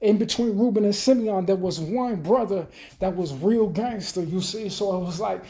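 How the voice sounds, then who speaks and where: Man ranting a rambling, profane monologue; mellow, low-lit tone, recorded in a roomy echo. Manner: profane, loose, rambling, talks fast then trails off.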